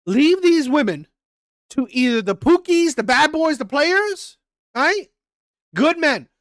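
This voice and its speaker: A man's voice: extremely high pitch, very animated, slow pace, fairly bright tone, no room sound. A man hosts live reaction commentary in a fired-up, expletive-heavy rant. He loops back over the same phrases again and again to drive each point home. His voice comes through close and dry, with no room sound around it. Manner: heated, repetitive, profane. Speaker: reaction channel host. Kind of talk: ranting live commentary reading chat.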